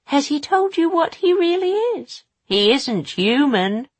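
A woman voicing a sinister female demon sister from a storybook, shrill and contemptuous. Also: very animated, unhurried, no room sound. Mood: scornful.

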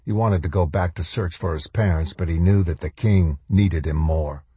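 A man narrating a novel in an audiobook with measured, even storytelling. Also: deep voice, husky, no room sound.

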